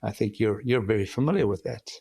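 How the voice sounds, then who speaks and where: A middle-aged man from South Africa with a South African accent, a company founder giving measured, reflective interview answers with frequent pauses. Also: lowish voice, gravelly, warm tone, breathy edge, dry recording, studio quality. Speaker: guest, company founder and CEO.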